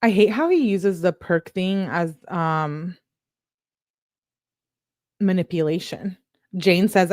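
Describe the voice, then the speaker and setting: A woman's voice: lowish voice, a little slow, long pauses, a little mellow, dry recording, studio quality. A woman hosting a true crime channel, reading text messages aloud in a plain voice and breaking off for casual asides that lean on "like".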